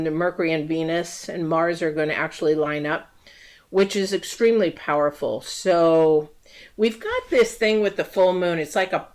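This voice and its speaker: Low-pitched female astrology reader, loose and chatty livestream delivery. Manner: rambling, many ums and restarts; acts out quoted voices in story asides. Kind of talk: casual livestream talk.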